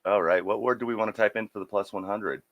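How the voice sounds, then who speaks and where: Deep-voiced man, dry close sound. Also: steady tone, fast talker, no echo, dull audio. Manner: teasing, businesslike about rules. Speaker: co-host. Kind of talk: casual livestream chat.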